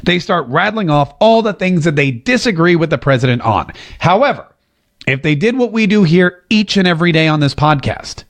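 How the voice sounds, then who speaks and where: A man's voice: a little high, lively intonation, normal speed, a bit bright. Emphatic man hosting a talk show. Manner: emphatic, repeats phrases for effect. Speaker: political commentary host. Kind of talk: opinionated podcast monologue. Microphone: seated at a desk mic.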